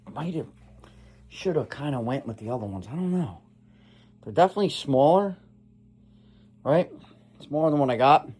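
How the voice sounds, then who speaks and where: A tipsy man talks his way through an unboxing for his vlog, rambling and swinging from low muttering to loud exclamations. His voice sits at an ordinary middle pitch, and the tone stays loose and casual throughout. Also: breathy edge. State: tipsy after drinks. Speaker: vlogger.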